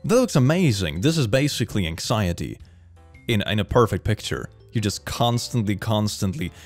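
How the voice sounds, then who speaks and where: A man giving casual, animated commentary on video clips, laughing often and breaking into quick exclamations. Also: on the low side, soft background music. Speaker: reaction video host.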